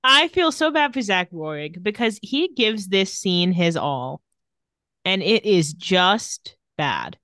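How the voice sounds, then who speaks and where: Woman podcast co-host, animated and chatty, tosses in little character voices, swoops up and down a lot. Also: on the low side, takes it slowly, no room sound, studio quality. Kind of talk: casual chat recapping a TV episode.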